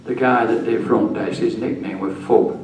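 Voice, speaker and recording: A man's voice: fairly low pitch, fairly even intonation, moderate pace, darkish tone, a little hiss or hum. An older man, a retired police officer telling his story at a conference, blunt and swearing freely. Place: conference hall. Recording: echoey room, mic far off.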